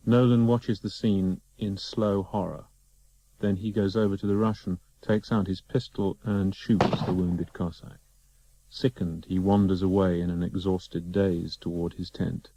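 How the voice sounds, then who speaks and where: Male narrator, mellow and a bit low, reads stage directions. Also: a little hiss or hum, rough recording.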